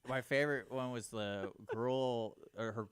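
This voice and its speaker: A man's voice: mid-range voice, fairly even intonation, measured pace, clear, resonant tone. A man, co-hosting a radio talk show, telling funny stories and acting out the dialogue with laughs. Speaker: radio co-host. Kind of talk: casual storytelling.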